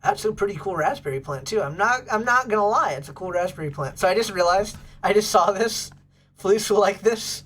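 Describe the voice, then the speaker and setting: This livestream host talks fairly quickly in an expressive, mid-range voice. Bubbly and effusive, she chats with her viewers, raves about their pets, and keeps thanking the chat.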